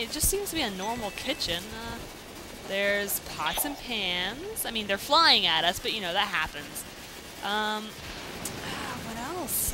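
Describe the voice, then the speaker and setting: A woman giving goofy, joking commentary while playing a video game, exclaiming loudly at what happens on screen. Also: on the high side. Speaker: let's play commentator. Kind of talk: casual gameplay commentary. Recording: game music playing behind.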